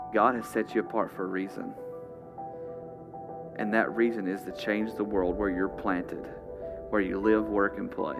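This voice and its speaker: A man preaching a sermon dramatically, rising loud and then dropping to a hush. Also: on the low side, steady tone, measured pace, long pauses, over music. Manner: dramatic, swinging from loud to hushed.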